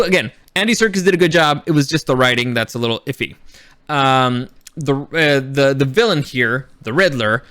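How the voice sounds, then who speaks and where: A man talking through a movie review in a loose, off-the-cuff way, restarting his sentences and swearing now and then. His voice sits at an ordinary middle pitch. The sound is close and dry, with no room around it. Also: a bit bright, no room sound. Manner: rambling, many restarts, blunt and profane. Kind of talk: casual spoken film review.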